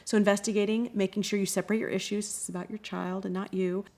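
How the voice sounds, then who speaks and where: Answering interview questions, a woman who runs anti-bullying workshops talks fast and expressively in a mid-range voice. She often acts out the voices of the kids and parents she quotes.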